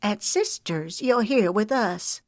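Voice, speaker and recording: Fretful motherly farm wife, voiced by a woman, higher and urgent, dry sound. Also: lively intonation, slow, dry recording. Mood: anxious.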